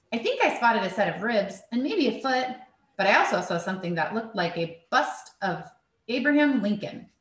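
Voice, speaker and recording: A woman's voice: mid-range voice, a bit bright. Woman reading a story with a roomy echo. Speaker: audiobook narrator. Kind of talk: scripted narration.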